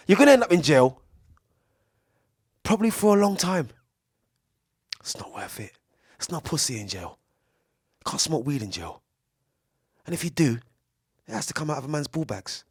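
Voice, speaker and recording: A young man with gives a casual, preachy podcast monologue, swearing freely and swinging between loud bursts and hushed asides. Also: fairly high pitch, very animated, brisk, pauses often, breathy edge, dry recording, clean studio sound. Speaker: podcast speaker. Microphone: studio mic.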